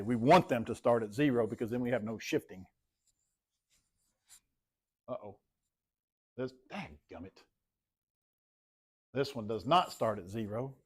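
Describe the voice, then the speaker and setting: A man teaches math in a classroom. He talks casually, cracks jokes, and repeats short phrases as he works through problems at a middle pitch. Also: a little mellow.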